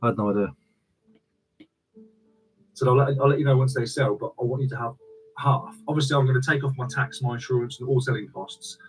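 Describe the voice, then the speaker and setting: A man's voice: mid-range voice, fairly even intonation, brisk, long pauses, faint music behind, rough recording. Chatty man streaming live. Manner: casual and chatty, repeats phrases, thanks viewers. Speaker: online reseller and streamer.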